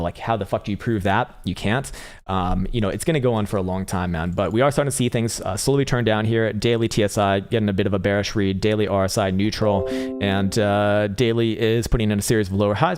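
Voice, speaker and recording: An American man working as a livestream trading analyst gives casual commentary, reading viewer comments aloud and talking through charts in a laid-back, profane style. His voice is fairly low and darkish in tone.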